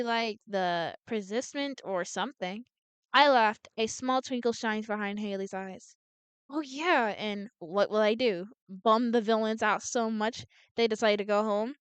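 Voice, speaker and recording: Streamer, woman, reads game dialogue aloud with a smooth, slightly high voice; dry room sound. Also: animated, measured pace, no echo. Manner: reads all characters in her own voice, frequent restarts. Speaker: gameplay streamer. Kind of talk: reading a visual novel aloud.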